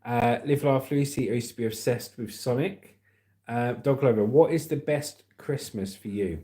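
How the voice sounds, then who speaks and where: A man's voice: mid-range voice, moderate pace, mellow. A middle-aged man from the UK hosting a casual livestream, joking and reading viewer comments aloud. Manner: chatty, jokey, reads comments aloud. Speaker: livestream host.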